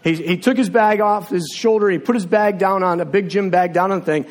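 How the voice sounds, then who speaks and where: A man preaching a sermon in a church, telling a personal story from his teaching years in a conversational way and then praying quietly over the congregation. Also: fairly quick. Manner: conversational storyteller, drops to a low hushed voice in prayer. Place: church sanctuary with seats. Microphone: filmed on camera while preaching.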